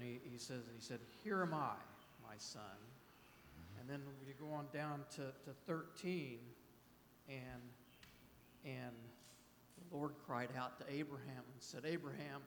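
A man's voice: medium pitch, a little hiss or hum. A man taking part in a Bible study discussion, speaking hesitantly with repeated words. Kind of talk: casual group discussion. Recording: roomy echo with faint ambience.

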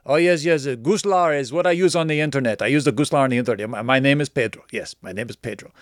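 A man's voice: medium pitch, fast talker, no echo, natural voice. A man voicing an eager, evasive, overly agreeable man who keeps repeating himself, heard in a dry, close sound. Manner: repeats "yes" and phrases.

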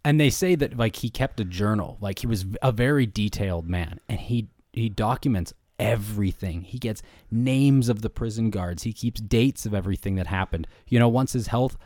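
Low-voiced man in dry casual chat. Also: normal speed, few pauses, no room sound. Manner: relaxed storytelling with many "like" and "you know" fillers. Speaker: podcast co-host. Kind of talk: casual book review chat.

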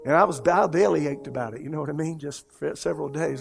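Gravelly-voiced male pastor preaching. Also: fairly high pitch, fast talker, few pauses. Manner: storytelling, swinging between hushed and loud emphatic delivery. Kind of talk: sermon.

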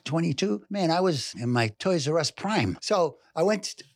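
Animated older New York storyteller. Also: male voice, a little high, normal speed, no room sound. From New York City. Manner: lively storyteller who acts out voices and scenes. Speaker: actor telling stories. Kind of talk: animated anecdote in an interview.

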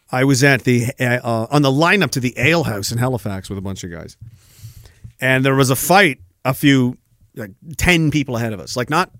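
A man hosting a solo rant show, swearing, laughing and lurching between shouted outbursts and low mumbles. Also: no room sound, clean studio sound. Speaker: podcast host. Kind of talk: ranting solo monologue.

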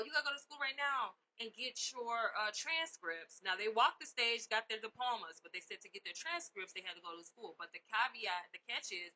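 Middle-aged lady on her podcast, super bright cutting voice, cussing and ranting, loud then low. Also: rough recording. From South Side of Chicago. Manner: animated, profane, swinging between loud outbursts and low asides. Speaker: podcast host. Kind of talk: comedic rant.

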